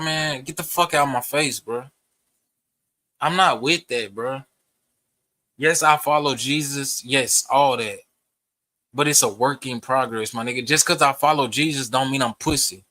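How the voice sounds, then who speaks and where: A man's voice: fairly high pitch, sharp tone, dry recording. A young man, ranting profanely to camera in a heated, rambling way. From Texas. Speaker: vlogger. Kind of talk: casual rant to camera.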